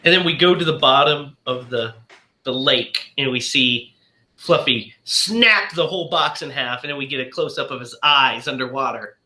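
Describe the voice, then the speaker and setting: A man's voice: medium pitch, normal speed. A male podcast host casually recapping a horror film's plot, animatedly acting out the characters' lines as he goes. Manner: animated storyteller who acts out the characters' lines. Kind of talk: casual movie discussion, retelling the plot. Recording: roomy echo.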